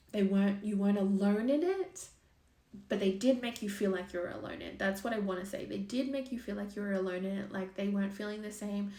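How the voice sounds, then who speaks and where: Young woman, casual tarot reader, rambling and chatty, curses now and then, mid pitch, echoey room. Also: a little mellow, recorded from a distance. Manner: chatty and thinking aloud, swears, full of likes and ums. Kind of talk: casual tarot reading monologue.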